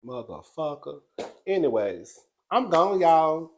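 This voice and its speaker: A man's voice: high-pitched, expressive, brisk. A man hosting a reality TV recap, talking in a brash, sassy, profane way and laughing often as he gossips. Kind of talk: casual gossip commentary.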